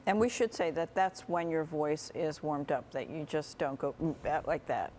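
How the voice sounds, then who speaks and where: A woman's voice: deep voice, normal speed, a little mellow, slight background noise. A woman hosting a TV interview show, asking questions with some hesitation and fillers. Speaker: TV talk show host.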